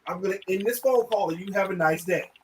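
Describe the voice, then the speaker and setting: A man's voice: high voice, fast talker, recorded from a distance, a little hiss or hum, rough recording. A man telling stories in casual chat, acting out quotes and laughing often.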